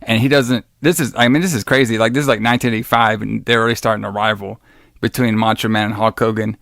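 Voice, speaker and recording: A man's voice: fairly low pitch, steady tone, fast talker, gravelly, a bit bright, no room sound, studio quality. A man co-hosting a casual podcast, rambling with lots of fillers and enthusiastic about old wrestling shows. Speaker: podcast co-host.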